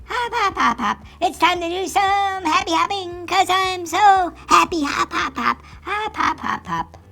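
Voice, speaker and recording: A woman's voice: very high-pitched, animated, unhurried, gravelly, bright, forceful tone, full character voice. A woman voicing a cheerful hopping bunny in a kids' puppet show, chanting hop hop between lines. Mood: happy. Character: cheerful hopping bunny, female, small, always happy.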